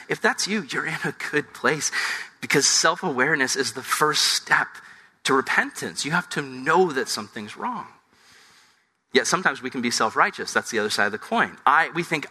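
Bright, animated male preacher. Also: medium pitch, moderate pace. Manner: animated, conversational preaching with acted-out voices. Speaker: pastor. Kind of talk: sermon.

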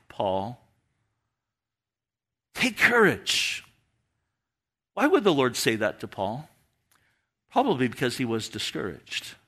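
A man's voice: high voice, pushed and bright. A man preaching an expository sermon as a pastor, explaining scripture in a conversational way with asides to the congregation.

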